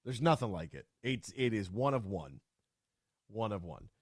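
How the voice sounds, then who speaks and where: Lively, ranting male sports radio host. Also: on the low side, normal speed, no room sound, studio quality. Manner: animated, ranting with sudden loud outbursts. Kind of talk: casual sports talk radio.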